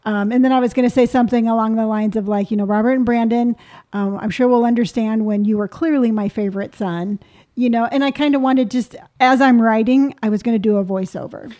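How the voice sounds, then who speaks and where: Blunt, emphatic middle-aged mom. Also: female voice, fairly high pitch, steady tone, fairly quick, dark tone. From US West Coast. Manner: blunt, emphatic, self-assured. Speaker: mother and content creator. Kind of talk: casual family conversation.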